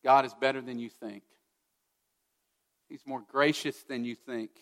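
A man's voice: mid-range voice, steady tone, unhurried, long reverb tail. A man preaching a sermon as a pastor, earnest and often putting direct questions to his listeners.

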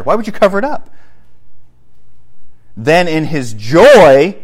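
A male pastor delivering a sermon with a lively, conversational touch and the odd joke. His voice sits somewhat high for a man, swinging between punchy bursts and quieter, earnest stretches. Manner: animated, conversational, joking.

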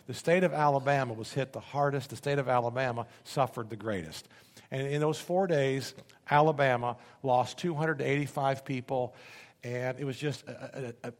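A man preaching a sermon, telling a story with animated, emphatic repetition. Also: medium pitch, long reverb tail. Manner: animated, emphatic, repeats words.

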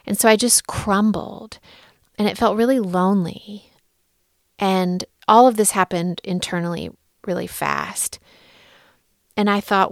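Woman, thirties, earnest storyteller; fry-heavy voice, dry close recording. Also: mid-range voice, fairly even intonation, no echo. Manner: soft, earnest, candid, with pauses and restarts. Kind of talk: personal story, reflective talk.

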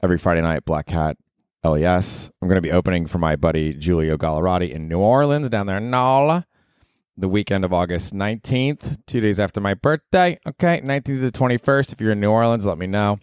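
A low-voiced man hosts his own comedy podcast, talking alone in a loose, profane ramble. He mocks himself and leans into sudden bursts of emphasis. The sound is close and completely dry. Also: quick pace, clear, resonant tone, no room sound. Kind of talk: casual solo podcast monologue.

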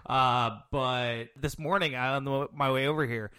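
A man's voice: medium pitch, steady tone, a little slow, pushed and bright, clear, resonant tone. A man with a mid-range voice recounts an everyday mishap on a casual chat show. He stumbles and repeats words as he goes, with light laughs scattered through his telling.

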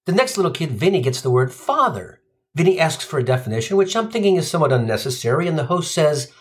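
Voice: medium pitch, sing-song, fast talker. A comedian telling a profane, sardonic stand-up story. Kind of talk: stand-up routine.

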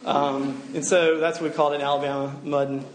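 A man's voice: a little high, little pitch movement, fast talker, reverberant, a little hiss or hum. A man preaching a sermon, telling a story in a loose, casual way with many fillers. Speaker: pastor.

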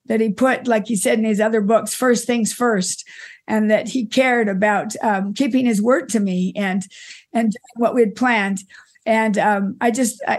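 A middle-aged woman, an interview guest, fondly telling stories about her father, often restarting her sentences and laughing softly. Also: a little high. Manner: warm reminiscing with frequent restarts and soft laughs. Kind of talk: conversational storytelling.

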